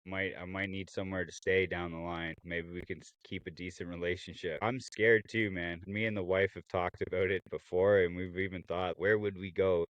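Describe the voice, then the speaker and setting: A podcast host with a very deep voice, easygoing and quick to agree with his guest. The sound is dry and close, with no room in it. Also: little pitch movement, fairly bright tone, no room sound, dull audio. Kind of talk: casual podcast conversation.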